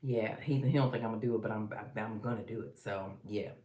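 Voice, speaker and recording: Her voice rumbles low, mellow and a little fast as she hosts a laid-back live stream, going through viewer comments with slang and the occasional sung hello. Faint noise and a roomy echo fill the audio.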